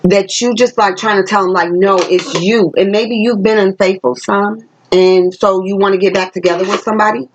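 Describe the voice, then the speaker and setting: In her casual reading vlog, a tarot reader speaks a little fast at medium pitch with a steady tone and hardly any pauses. She addresses her own camera emphatically, sings snippets of songs, and the lo-fi audio carries slight background noise.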